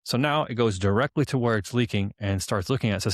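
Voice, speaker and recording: A man with a lowish voice talks quickly in a casual podcast explanation. He tells a story by acting out both sides of a conversation, with plenty of informal fillers. The recording is dry and close, with little room sound. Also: no echo. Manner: informal, many "like" fillers and restarts. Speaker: podcast co-host.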